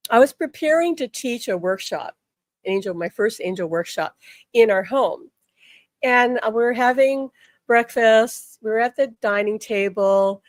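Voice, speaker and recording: An older woman, a spiritual teacher, tells a personal story on a live stream in a chatty, animated way, often repeating words and saying "like". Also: mid-range voice, dry recording. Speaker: spiritual healer and angel teacher.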